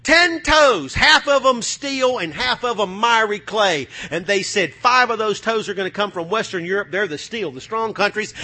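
A middle-aged man from the United States preaching a sermon, fervent, going from loud bursts to hushed asides. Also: high-pitched.

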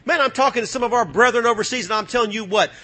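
A middle-aged American man preaches a fervent sermon in a very high-pitched voice at a very fast pace, swinging between loud bursts and hushed asides.

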